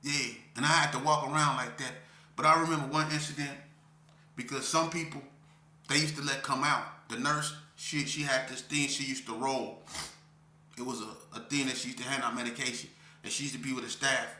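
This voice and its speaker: A man telling an emotional story of his past as an interview guest, talking intensely in street slang and repeating himself, swinging from near shouts down to a low voice. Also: steady tone, fairly quick, reverberant. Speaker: interview guest recounting prison life.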